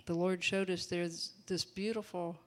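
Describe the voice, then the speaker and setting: A woman's voice: lowish voice, fairly even intonation, a little slow. A woman preaching an informal sermon in a chatty, folksy way, laughing often and breaking into asides.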